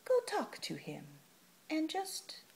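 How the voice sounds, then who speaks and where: A woman voicing a kind old grandmother cockroach in a storybook reading, gentle and encouraging. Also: high-pitched, huge pitch swings, slow, gravelly, very noisy, pitched above the performer's own voice, full character voice.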